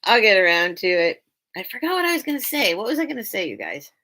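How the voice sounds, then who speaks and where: A woman's voice: medium pitch, very animated, fast, bright, forceful tone. A woman hosting a live online sale, chatting casually and rambling as she loses her train of thought and laughs often. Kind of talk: casual live-stream chat.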